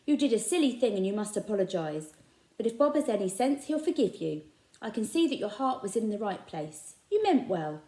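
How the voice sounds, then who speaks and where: A woman voicing a kindly, eccentric adult male shopkeeper with a gentle, earnest manner. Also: mid-range voice, very animated, a little fast, lightly acted. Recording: echoey room.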